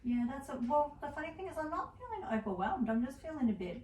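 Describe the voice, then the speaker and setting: Talking fast and very animatedly, this middle-aged woman has a high, darkish-toned voice. As a podcast co-host she rambles chattily through stories about her day, laughing often. The recording sounds roomy and distant, with a faint hiss behind it.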